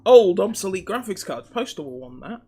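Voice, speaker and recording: Dry-witted co-host with an animated voice. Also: mid-range voice, a little fast. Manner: dry, teasing quips. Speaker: co-host of a tech stream. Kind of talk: casual chat while testing hardware. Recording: faint crackling noise.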